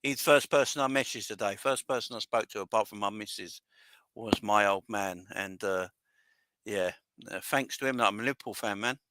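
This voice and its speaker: A man hosting a fan livestream, emotional and rambling as he chats and gives shout-outs to viewers. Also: lowish voice, fairly quick, no echo. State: emotional, voice wavering. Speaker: fan channel livestream host. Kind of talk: emotional casual livestream chat.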